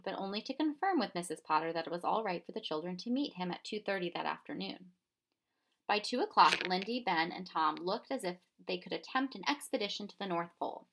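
A woman narrating a children's chapter book in a measured, expressive reading. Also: lowish voice, gravelly. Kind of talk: storybook narration.

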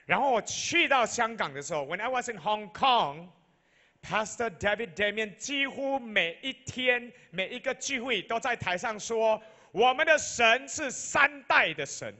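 A man with a Malaysian accent, a pastor preaching a sermon, repeating each point in two languages and building to loud, emphatic peaks. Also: very high voice, animated, measured pace. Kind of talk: bilingual sermon.

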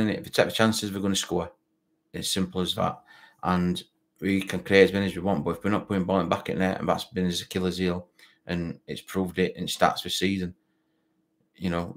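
A man with a broad Barnsley Yorkshire accent, hosting a football fan live stream in rambling casual chat, reading out viewer comments with lots of fillers. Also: sits low. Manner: rambling, repeats words, many fillers.

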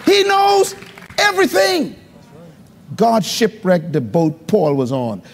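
A man preaching a live sermon as pastor to a congregation, calling for responses and swinging between loud high exclamations and low murmurs. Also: wildly swooping pitch, slow pace, a faint crowd, a little hiss or hum. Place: church hall before a congregation. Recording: live recording with long hall reverb.

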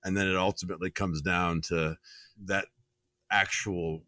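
Co-host guy, really deep voice, humble easygoing chat, dry sound. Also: little pitch movement, unhurried, pushed and bright, no echo. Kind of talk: casual chat.

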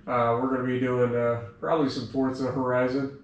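A man's voice: mid-range voice, little pitch movement, fairly quick, muffled recording. A man vlogging a sit-up workout, counting reps aloud and out of breath between sets. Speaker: fitness vlogger. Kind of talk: counting sit-ups on camera. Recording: echoey room, mic far off, noisy.

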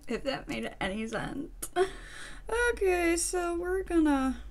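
Woman beauty vlogger, gushing and giddy; slightly high voice, unhurried delivery with whispered asides. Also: expressive, darkish tone. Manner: gushing, giddy, breaks into laughs and whispered gasps. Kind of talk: makeup first-impression vlog.

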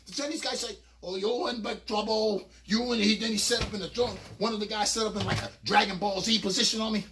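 A man telling a comic story on stage, animated and loud with sudden squeals, from a distant mic. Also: high voice, quick pace, background noise. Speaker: comedian. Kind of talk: stand-up comedy storytelling.

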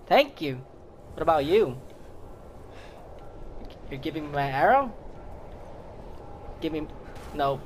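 An excitable gamer reacts to gameplay, taunting enemies, swearing and laughing in between. The talk is unhurried, drawn out between bursts, with sudden yelps and shouts that leap high, and a middling pitch otherwise. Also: slight background noise. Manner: talks to the game characters. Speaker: gaming video creator.

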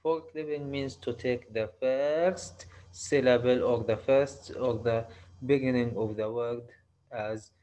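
A male university lecturer with an Arabic accent, explaining slowly in a halting way, often restarting and repeating himself. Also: medium pitch, mellow, lo-fi sound. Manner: slow, halting explanation with frequent restarts and repetitions. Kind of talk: recorded online lecture.

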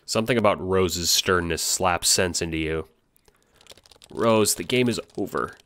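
A man narrating an audio drama in the second person, moving between hushed dread and panicked cries. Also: sits low, measured pace. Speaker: narrator and voice actor.

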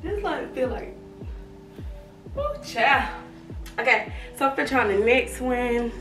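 A woman's voice: sits high, very animated, measured pace, fairly bright tone. Breathless chatty young woman in an echoey room. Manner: chatty, laughing, addresses viewers as y'all. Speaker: fashion vlogger. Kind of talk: casual try-on haul chat. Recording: echoey room, far from mic, faint music.

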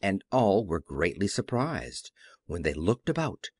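A man's voice: sits low, very animated, a little slow, a little mellow, husky, dry recording, clean studio sound. A man reading a children's novel aloud as an audiobook narrator, telling the story expressively. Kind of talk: scripted narration.

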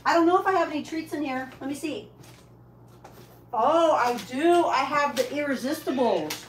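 A woman's voice: high-pitched, animated, normal speed, a little hiss or hum. A woman hosting a casual live shopping stream. She is chatty, thanks each buyer and stops to coo at her pets.

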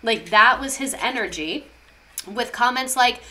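A woman's voice: fairly high pitch, expressive, measured pace, sharp tone. A woman giving a casual history lesson in an irreverent, passionate way, swearing freely. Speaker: history vlogger.

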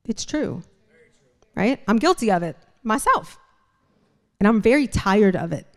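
Woman preacher, mid-pitch, emphatic sermon style with constant rhetorical check-ins, long hall reverb. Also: expressive, unhurried. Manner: emphatic, keeps checking in with the room by asking "right?" and "okay?". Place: church sanctuary before a congregation.

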